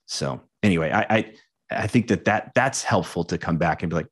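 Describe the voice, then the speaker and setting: A man speaking as a coach and podcast guest, frank and animated, swearing freely in candid conversation. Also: deep voice, fairly quick, breathy edge.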